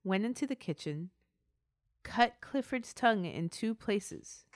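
A woman's voice: mid-range voice, animated, a little slow, dry recording, studio quality. A woman hosting a podcast, narrating a true-crime story in a chatty way with asides. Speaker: podcast host.

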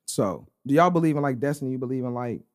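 Fast, animated man telling a story. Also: mid-range voice. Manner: slangy, animated anecdote telling with repeated "bro". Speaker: podcast co-host. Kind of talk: casual storytelling chat.

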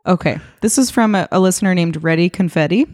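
A woman's voice: lowish voice, fast, darkish tone. A woman co-hosting a podcast in casual, joking chat, reading out listener emails. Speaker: podcast co-host.

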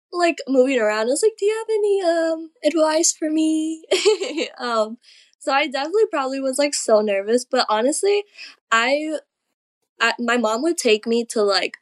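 Young female guest, somewhat high voice, laughs often, talks with lots of "like". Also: expressive, normal speed. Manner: giggly, fills speech with "like". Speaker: guest, pro wrestler. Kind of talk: casual interview storytelling.

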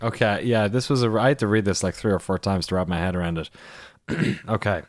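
A man's voice: on the low side, fast talker, slight background noise. A man co-hosting a casual podcast, hesitant and full of fillers, with dry sarcastic asides. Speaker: podcast co-host. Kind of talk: casual chat.

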